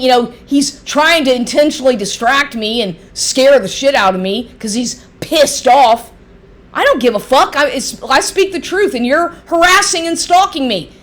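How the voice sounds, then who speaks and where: A middle-aged woman ranting angrily into the camera, profane, heated and sarcastic, mocking the man she addresses. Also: high-pitched. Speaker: vlogger. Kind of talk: angry ranting monologue.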